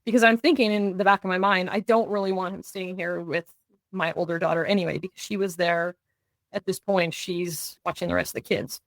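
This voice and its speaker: A woman's voice: lowish voice, steady tone, fairly quick, no echo. A middle-aged woman telling a personal story as a podcast guest, with earnest recounting that keeps slipping into quoted dialogue. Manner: restarts and fillers when tense.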